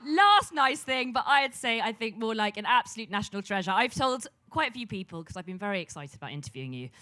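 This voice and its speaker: A woman's voice: a little high, fast talker. A woman interviewing a guest on a festival stage, asking her questions into a stage microphone. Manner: warm-up compliments then steady questions. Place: festival stage before an audience.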